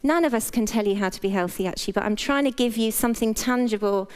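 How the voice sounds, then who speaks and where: A woman's voice: a little high, fast, clean tone. A middle-aged British woman, a doctor, giving a frank, playful motivational talk in a conversational way. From Britain. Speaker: doctor and speaker.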